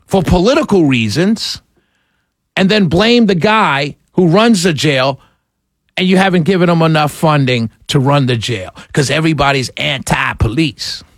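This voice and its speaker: A man's voice: a little high, normal speed, no room sound. A man hosting a talk radio show, ranting with sarcasm and passion and laughing between his points. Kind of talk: opinionated radio monologue.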